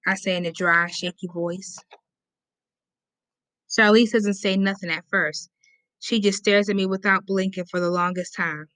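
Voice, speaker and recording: Woman reader, middle pitch, dry close sound, casual first-person narration. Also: fairly even intonation, unhurried, bright, forceful tone, clear, resonant tone, no room sound. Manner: casual, conversational storytelling. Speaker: audiobook reader.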